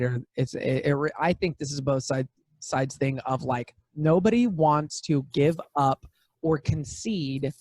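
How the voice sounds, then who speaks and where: A young man hosting a podcast, telling stories in casual chat with animated, profane bursts. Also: fairly high pitch, no echo. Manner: animated, profane storytelling with sudden loud bursts. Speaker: podcast host.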